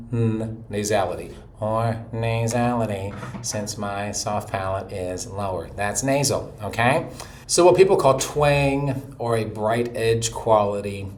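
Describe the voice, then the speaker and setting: A man from North Carolina who explains vocal technique in a calm, steady voice, hoarse from laryngitis. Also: lowish voice, a little hiss or hum. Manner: explains calmly, with short vocal demos. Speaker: voice teacher. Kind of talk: explanatory voice lesson.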